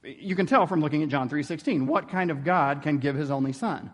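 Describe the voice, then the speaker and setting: Higher-voiced man lecturing in a reverberant hall. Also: a little fast. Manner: thoughtful, frequent ums, checks in with "right?". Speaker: theology lecturer. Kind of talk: explanatory lecture.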